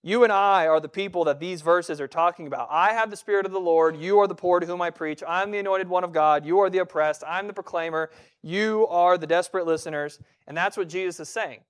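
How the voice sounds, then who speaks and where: A male pastor preaches in a relaxed, conversational way, stumbling over and repeating words as he goes. His voice is smooth and clear, set a touch high for a man, and he slips into quoted voices to make his points. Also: a little fast. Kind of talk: sermon.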